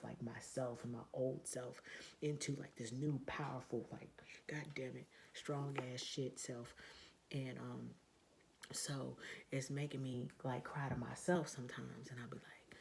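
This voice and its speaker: A woman's voice: very deep voice, vocal fry, noisy background. A woman giving a blunt, heavily profane motivational pep talk in a casual vlog. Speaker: vlogger.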